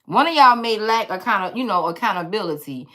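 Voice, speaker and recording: Sassy woman w/ doing tarot reading, bright voice, bouncy pitch, cussin and teasing. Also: lively intonation, brisk. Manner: blunt, sassy, profane, teasing asides. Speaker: tarot reader. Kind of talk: casual tarot reading to viewers.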